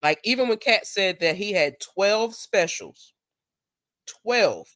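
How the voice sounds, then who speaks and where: A woman hosting a casual live stream, chatting and telling stories, acting out what people said in a higher voice. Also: slow pace, no room sound, clean studio sound. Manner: animated storyteller who acts out quotes in a higher voice.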